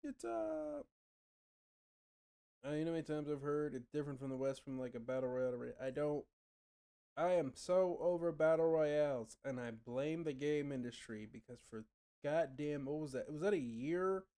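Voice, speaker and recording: A man's voice: a little high, expressive, normal speed, creaky, dark tone, smooth. A young man streaming and chatting casually with viewers, rambling, swearing often and trailing off mid-thought. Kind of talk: casual chat answering viewers.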